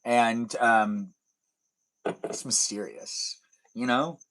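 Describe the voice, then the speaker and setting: A man's voice: mid-range voice, extremely slow, fairly bright tone. Young male streamer, playful, teasing, rambling chat to viewers. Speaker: live streamer. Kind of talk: casual live stream chat reading comments.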